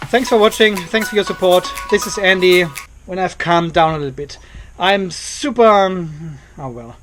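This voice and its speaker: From his carport at home, an exasperated car vlogger rants to camera in a casual vlog, repeatedly looping back to the same complaints. His voice is high for a man and fairly bright, at normal speed, with faint music behind him.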